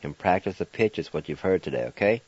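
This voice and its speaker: A man's voice: deep voice, lively intonation, fast, darkish tone, slightly rough, no room sound. A man hosting a radio language lesson, patiently spelling out letters and repeating each syllable. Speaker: language teacher and radio host. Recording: dull lo-fi radio recording.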